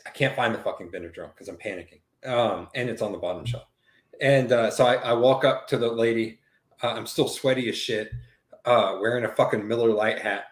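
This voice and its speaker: A man telling a long, profane story in casual chat, rambling and animated as he acts out what people said. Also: fairly low pitch. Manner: profane, rambling, animated retelling with quoted dialogue. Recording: roomy echo.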